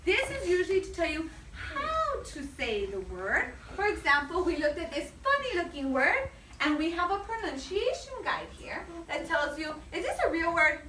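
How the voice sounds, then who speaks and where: A woman teaching a class, pausing mid-sentence so the pupils can call out the missing word. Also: very high voice, big pitch swings. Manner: leaves sentences open for the class to finish. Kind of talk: classroom lesson. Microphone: recorder far across the room. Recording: echoey room from far off, loud noise.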